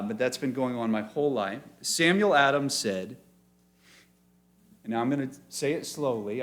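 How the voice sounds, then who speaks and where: Man addressing a church gathering. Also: medium pitch. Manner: friendly, jokey, reads quotes slowly with emphasis. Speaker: pastor introducing speakers. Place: church meeting room.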